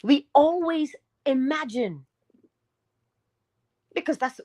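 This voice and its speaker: A woman with a lowish voice gives a motivational morning talk at a measured pace, pausing often. Animated and preacherly, she swings between loud, emphatic bursts and hushed asides, speaking straight to her listeners with rhetorical questions like an inspirational speaker.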